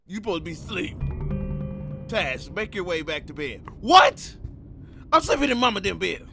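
Hyped dude yelling thru a horror game, high voice swinging all over, music behind. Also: male voice, moderate pace, creaky. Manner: loud, excitable, screams at jump scares, slangy. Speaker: gamer. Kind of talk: horror game let's play commentary.

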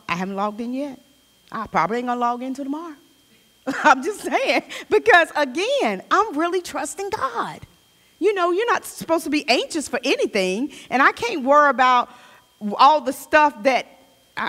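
A woman with a fairly high voice teaches a Bible study in a loose, conversational way, often restarting her sentences. She reads scripture aloud between personal asides. The sound carries a long church-hall reverb. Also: a bit bright.

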